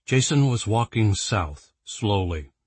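Measured male audiobook narrator, dry close sound. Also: lowish voice, expressive, a little mellow, slightly rough, dry recording. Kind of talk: scripted narration.

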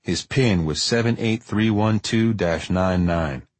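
A man giving measured, deliberate first-person audiobook narration in a dry storytelling manner. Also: lowish voice, no echo.

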